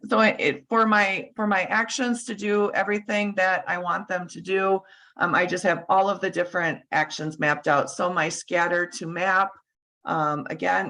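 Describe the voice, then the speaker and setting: A woman presenting at a user group, giving a screen-share software demo over a video call. She is losing her voice and talks haltingly, with many fillers and restarts. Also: on the low side, steady tone, rough recording.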